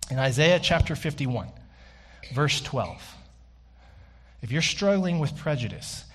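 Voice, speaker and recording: A man preaching a sermon as a pastor in church, emphatic, slowing and rising on key phrases and dropping low and soft to reflect.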